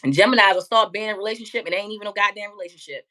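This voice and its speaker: A woman tarot reader chatting casually on a live stream, loud and profane, often laughing and talking back to her chat. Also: medium pitch.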